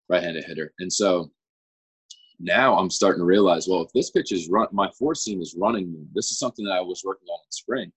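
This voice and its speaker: A man's voice: low voice, husky, poor audio. A young man, a guest on an interview show, chatting casually and explaining things in an easygoing, rambling way. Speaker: guest pitcher.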